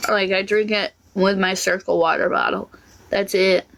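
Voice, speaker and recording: A woman's voice: mid-range voice, steady tone, normal speed, vocal fry, a bit bright. A woman ranting casually to camera in a rambling, aggrieved way, swearing freely. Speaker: vlogger.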